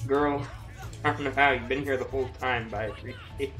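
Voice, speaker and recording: On a gameplay livestream, a woman chats casually while sick with a dry throat, her voice rumbling low and steady in tone, a bit bright, and a little fast. She giggles often, mocks herself, and bursts into laughter and exclamations, with faint music playing behind her.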